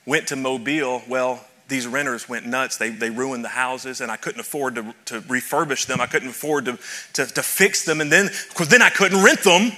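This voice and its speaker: In his sermon, this man tells his congregation a story and builds to fervent emphasis, speaking to them directly as their pastor. He uses a medium-pitched, pushed and bright voice at normal speed.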